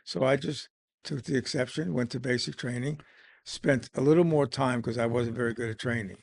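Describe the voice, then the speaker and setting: An older man from Brooklyn, New York, a guest telling his own story in a casual interview, plain-spoken and a little halting. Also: mid-range voice, creaky, no room sound. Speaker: guest, Vietnam veteran.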